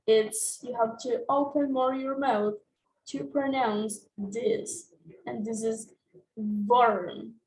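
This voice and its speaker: A woman's voice: on the high side, darkish tone. A woman teaching English vowel sounds, naming each symbol and repeating every example word. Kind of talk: slow, deliberate pronunciation lesson. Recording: echoey room, voice off-mic.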